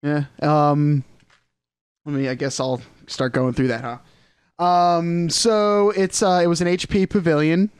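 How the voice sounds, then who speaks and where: A man co-hosting a podcast, easygoing and halting with fillers as he talks. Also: on the high side, steady tone, clear, resonant tone, dry recording. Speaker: podcast co-host. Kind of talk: casual chat.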